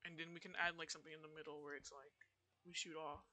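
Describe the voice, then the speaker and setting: Young dude, kinda high voice, chill gaming chat, lots of likes and whatevers. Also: male voice, flat delivery, quick pace, pushed and bright. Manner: easygoing, filler-heavy. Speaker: gamer recording the session. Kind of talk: casual chat while gaming.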